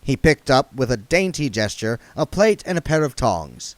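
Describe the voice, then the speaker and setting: A man reading a novel aloud with expressive narration. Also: medium pitch, moderate pace, hardly any pauses, dry recording. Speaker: audiobook reader. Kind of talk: book read aloud.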